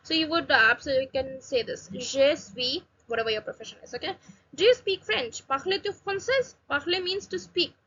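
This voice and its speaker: A woman from India teaching basic phrases in a casual online lesson, repeating each phrase slowly and adding chatty asides. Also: sits high, lively intonation, fairly bright tone, dull audio. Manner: slow careful phrase repetition with chatty asides. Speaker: language teacher.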